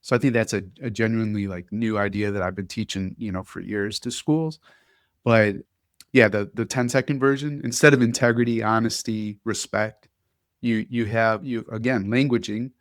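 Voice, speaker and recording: A man's voice: lowish voice, no echo. Man hosting a dry, close interview. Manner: lively, laughs often while telling stories. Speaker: podcast host. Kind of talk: casual conversational interview.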